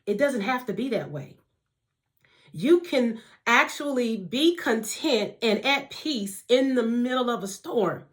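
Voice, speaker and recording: Chatty woman preaching straight to camera. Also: medium pitch. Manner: warm conversational preaching, addresses listeners as family and honey. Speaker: faith teacher. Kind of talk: casual devotional talk to camera.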